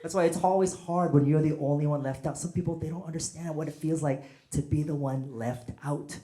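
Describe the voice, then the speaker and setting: A man from the United States doing a stand-up set, telling animated stories and acting out bits with sudden shouts. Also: on the high side, fairly quick. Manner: animated storyteller, acts out bits and bursts into shouts. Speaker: stand-up comedian. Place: comedy stage with a laughing audience. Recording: noisy live comedy club audio.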